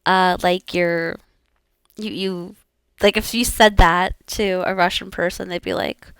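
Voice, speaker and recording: Slow, dry-voiced giggly woman streamer. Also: lowish voice, steady tone, a bit bright, clear, resonant tone, dry recording. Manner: rambling and giggly, many fillers. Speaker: VTuber language learner. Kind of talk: casual language-practice stream.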